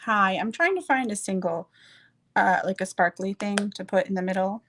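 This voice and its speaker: A woman's voice: medium pitch, moderate pace, fairly bright tone, slight background noise, low-quality recording. A woman chatting casually while doing her makeup on a stream, rambling and searching for words as she goes.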